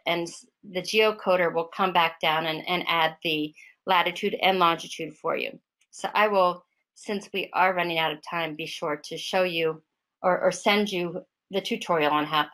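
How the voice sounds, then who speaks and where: Woman, low-ish voice, web-call software demo, chatty, lots of ums and restarts. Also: low-quality recording. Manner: casual, many fillers and restarts. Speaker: product trainer. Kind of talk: online software demonstration.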